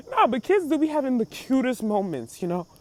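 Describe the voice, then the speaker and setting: A woman hosting a podcast, giving casual commentary in a slangy, laughing, animated way. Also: high-pitched. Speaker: podcast host.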